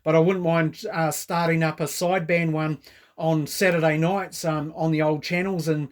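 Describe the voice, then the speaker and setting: A man's voice: fairly high pitch, little pitch movement, normal speed. A man with a New Zealand accent chatting casually on the radio, using operator jargon.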